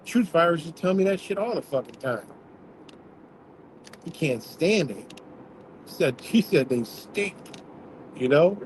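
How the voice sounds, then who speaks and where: A man's voice: on the high side, lively intonation, unhurried, pauses often, slight background noise, poor audio. A man hosting a livestream, talking bluntly in a rambling, profane, casual rant, apparently from inside a vehicle. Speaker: livestream host.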